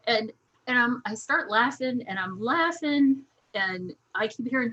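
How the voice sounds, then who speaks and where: Woman, guest, casual storyteller, laughs often, bright tone. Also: a little high, a little fast, slightly rough, low-quality recording. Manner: laughs often, lively anecdotes.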